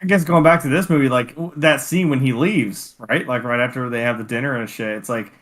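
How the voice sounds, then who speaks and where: A man's voice: medium pitch, brisk, fairly bright tone. Hesitant, meandering man on a podcast. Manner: hesitant, meandering, swears casually. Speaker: podcast co-host. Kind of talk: casual chat.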